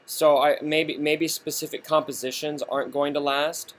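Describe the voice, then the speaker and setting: A man's voice: fairly high pitch, little pitch movement, normal speed, a bit bright. A young man hosting a casual livestream from a hotel lobby, joking and laughing often. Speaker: livestream host.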